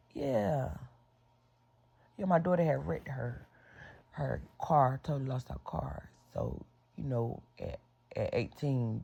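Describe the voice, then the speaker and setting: A woman's voice: a bass voice, gravelly, a little mellow, husky. A middle-aged woman telling a casual storytime vlog story, blunt and full of profanity and sound-effect words.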